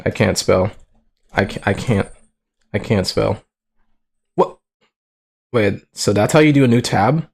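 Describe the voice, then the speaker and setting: A man's voice: fairly low pitch, unhurried, gravelly, pauses often. A young man streaming live in casual commentary, talking in slang with lots of swearing and frequent laughter. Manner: slangy, profane, laughs often, excitable. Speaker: livestreamer.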